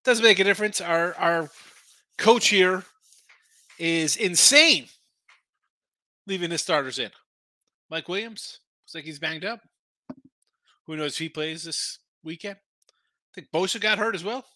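Brash, bright-voiced betting show host. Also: male voice, high-pitched, dry recording. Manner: brash, rapid-fire opinions, talks to chat. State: tired, yawning. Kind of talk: live late-night betting picks stream.

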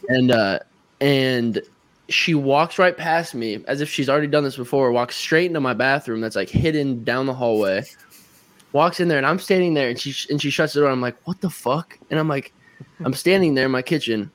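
A young man in his twenties, a guest musician on a podcast, telling an anecdote in a casual, animated way and acting out his own reactions. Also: mid-range voice, a little fast, no echo. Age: 20s. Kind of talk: casual chat, storytelling.

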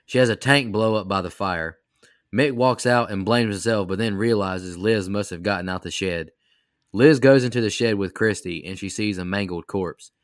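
A man with a fairly low voice reads through a movie's plot in brisk, even steps. It is a podcast-style recap. The sound is dry with no room to it. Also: dry recording.

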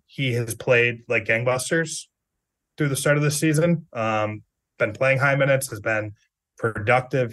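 A man's voice: medium pitch, fairly bright tone. A middle-aged man co-hosting a casual sports podcast, talking in a chatty, jokey way with plenty of fillers. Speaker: podcast co-host, sports reporter.

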